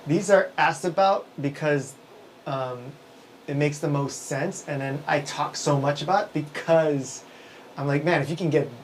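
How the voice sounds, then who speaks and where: A man's voice: fairly high pitch, measured pace, slight background noise, poor audio. A man hosting a live show, talking in casual livestream chat, rambling with many restarts and frequent chuckles.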